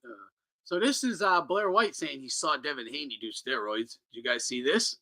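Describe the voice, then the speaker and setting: A man hosting a boxing talk podcast in a loud, profane, mocking chat. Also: a little high, moderate pace. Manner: loud, profane, laughing mockery. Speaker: podcast host. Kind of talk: casual chat.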